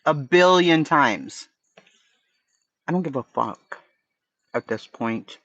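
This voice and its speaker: A man's voice: on the high side, expressive, slow, fairly bright tone, no echo, muffled recording. Blunt man with a Boston accent. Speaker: livestream host. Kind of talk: casual livestream chat.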